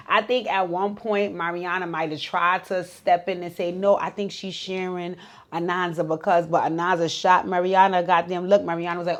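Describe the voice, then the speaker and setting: A talkative woman recapping a reality show, full of swearing and quick asides. Her voice sits a little low, and she jumps into other people's voices to act out their lines. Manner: chatty, profane, acts out quotes in voices.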